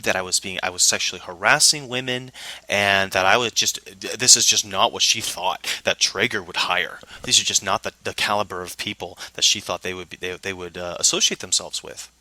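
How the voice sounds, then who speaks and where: A man's voice: on the low side, pushed and bright, no echo. A man telling a personal work story in a casual monologue, frustrated and indignant, acting out the dialogue he quotes.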